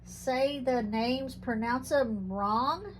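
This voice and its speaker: A woman's voice: high voice, a little hiss or hum. A woman with a mixed Texas and Tennessee Southern accent, chatting casually at home in a vlog about her herb shelf. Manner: chatty, rambling, says she talks fast. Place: indoors at home, rain outside.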